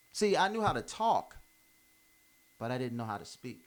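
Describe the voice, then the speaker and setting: A man's voice: mid-range voice, huge pitch swings, brisk. Guy riffing on life advice, casual, keeps restarting his sentences, punchy and informal. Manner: emphatic, repeats himself and restarts phrases; informal, drops verbs. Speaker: commentator giving life advice. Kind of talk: unscripted motivational monologue.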